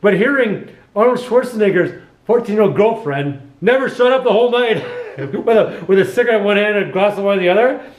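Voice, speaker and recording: A man's voice: high-pitched, expressive, a little fast, dull audio. A male hairdresser telling stories in casual chat while cutting hair, full of asides and laughter. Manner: chatty storyteller, laughs often, full of asides. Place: hair salon. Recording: echoey salon room.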